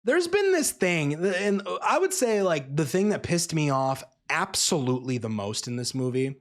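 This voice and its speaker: A movie reviewer rants in a casual, sarcastic, exasperated way, swearing freely and acting out characters in passing mid-rant. His voice sits at medium pitch and is very animated, moving at a normal speed.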